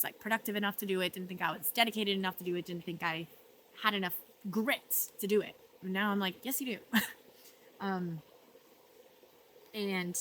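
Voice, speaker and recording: A woman speaks in a reflective personal vlog, her voice sitting in a middle pitch. She talks with earnest emotion, often going soft and quiet, with a little laughter between thoughts. A faint hum of room ambience sits behind her. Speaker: vlogger. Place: art residency.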